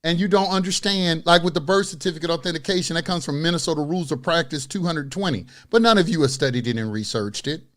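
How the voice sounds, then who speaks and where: A man's voice: fairly high pitch, quick pace, few pauses, a bit bright. A man talking straight to his camera, telling a story and then ranting bluntly and profanely in street talk about people who follow instructions they don't understand. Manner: storytelling with rising exasperation. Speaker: online video host. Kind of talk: unscripted rant to camera.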